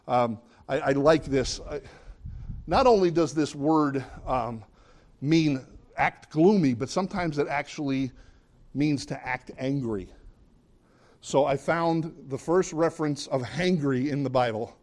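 A man preaching a sermon as a pastor, conversational and animated, often questioning the audience and acting out what people say. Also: on the high side, measured pace. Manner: animated, acts out quoted voices.

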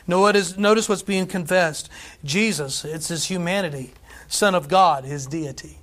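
A man preaches a lively sermon to his congregation. His voice sits high for a man, and he swings between emphatic, drawn-out scripture reading and easy conversational asides. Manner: animated preaching, scripture read aloud with emphasis, asides and laughs. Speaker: pastor.

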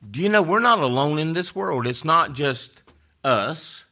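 A man preaching a sermon, rising to loud fervent peaks and dropping to hushed, low emphasis. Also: expressive, unhurried.

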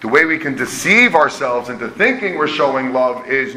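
A man's voice: fairly high pitch, animated, a little fast, few pauses, sharp tone. A middle-aged man preaching a conversational, emphatic sermon as pastor. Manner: conversational, emphatic, self-deprecating. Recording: echoey room with faint hum.

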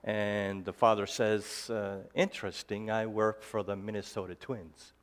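A man's voice: fairly low pitch, little pitch movement, smooth. A man giving a personal talk to a live audience, telling jokes and stories in a hesitant, slightly slurred way, with many restarts and fillers. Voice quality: slightly slurred, halting speech. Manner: jokey storytelling. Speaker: ministry founder giving a talk.

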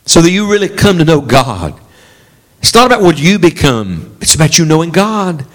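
A male preacher delivers an animated sermon, his voice swinging widely up and down as he pushes the congregation to answer him. He sits a little higher in pitch than most men, with rising bursts of emphasis. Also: normal speed. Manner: animated preaching with call-and-response.

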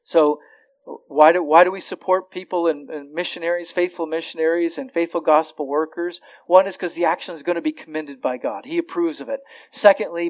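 A man's voice: on the high side, no room sound, low-quality recording. A man preaching a sermon as a pastor, earnest, often repeating words as he starts a phrase.

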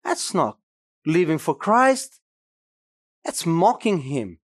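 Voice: medium pitch, animated, slow pace, no room sound, clean studio sound. A pastor preaching a sermon emphatically, with asides to the congregation.

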